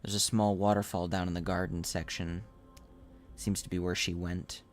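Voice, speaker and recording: A male streamer talks casually over a game, thinking aloud and often restarting his sentences. His voice sits somewhat low. The tone stays loose and conversational. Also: level tone, normal speed, soft background music. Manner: hesitant, thinking aloud, self-correcting.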